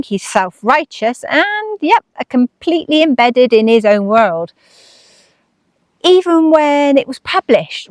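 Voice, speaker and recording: A woman's voice: high voice, dry recording. Chatty woman vlogger with dry close sound. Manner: chatty, acts out her own inner voices. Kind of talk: casual chat.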